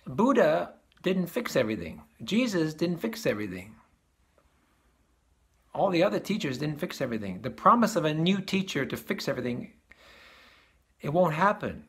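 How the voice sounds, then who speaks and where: Male spiritual teacher, casual talk, slightly high voice, repeats phrases, chuckles often. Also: big pitch swings, moderate pace, pauses often. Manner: repeats and restarts phrases, chuckles at his own points.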